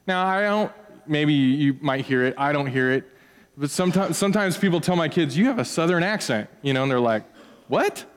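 A man gives a sermon in a slightly high voice that swings from animated, rising questions to low, hushed conclusions. His voice carries a long reverb, as in a large church sanctuary. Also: brisk, clear, resonant tone. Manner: animated preaching, rising high on questions and dropping soft on key points. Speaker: pastor.

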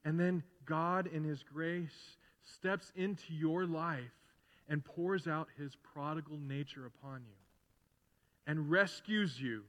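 A middle-aged man preaching a sermon as pastor in a conversational way, building to loud, emphatic repetition. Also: fairly high pitch, takes it slowly. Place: church sanctuary. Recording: long hall reverb in a church.

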